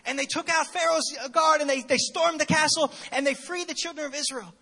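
An eager little boy bursts out with a wild, gushing retelling of a Bible story, his voice sitting very high and ringing bright. A man puts him on in the middle of a sermon. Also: moderate pace, vocal fry, husky, exaggerated voice. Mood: excited.

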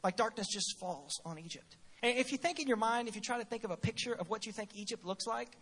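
A man preaching a sermon, telling stories in an animated, humorous way and often repeating words at the start of his phrases. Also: sits high, fast, breathy edge. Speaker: pastor.

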